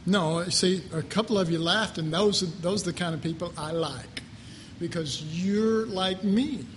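A man's voice: high-pitched, unhurried, slight background noise. A man preaching an informal sermon to a live congregation, conversational and joking, full of rhetorical questions.

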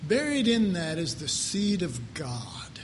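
A man's voice: on the high side, sing-song, takes it slowly, noisy background. A man preaching an informal sermon to a live congregation, conversational and joking, full of rhetorical questions.

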